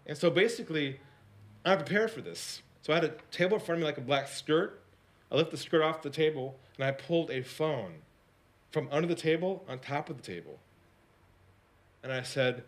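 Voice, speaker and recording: A man giving a storytelling talk as a sales coach, dropping to a hush for quoted lines and rising high when excited, often asking the audience questions. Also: moderate pace. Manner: animated, swings between hushed quoted lines and high excited narration; repeats and restarts words, asks the audience questions.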